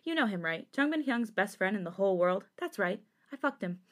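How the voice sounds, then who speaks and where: A man's voice: sits high, expressive, a little fast, a bit bright. A woman voicing a cold, mocking young man who scoffs at his cousin. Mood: smug.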